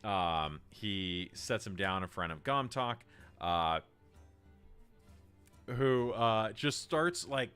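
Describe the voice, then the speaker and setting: A man's voice: on the low side, expressive, takes it slowly, long pauses, pushed and bright, clean tone, soft background music. A man narrating as game master in a casual, filler-heavy way.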